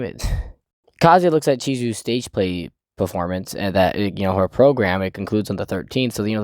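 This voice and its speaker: A man's voice: medium pitch, darkish tone, no room sound. Laid-back man chatting through a recap, swearing, laughing, dry close voice. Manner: rambling, profane, laughing often. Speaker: manga chapter recap host. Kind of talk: casual chat.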